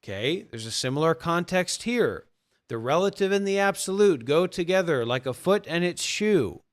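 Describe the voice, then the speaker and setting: A spiritual teacher on a livestream talks to viewers bluntly and profanely. His fairly high-pitched male voice has lively intonation and a moderate pace, recorded dry without room echo.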